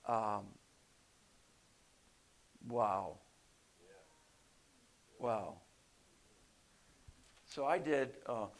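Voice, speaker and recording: A man leading an informal Bible study, emphatic and laughing easily, swinging from quiet talk to loud stress. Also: fairly low pitch.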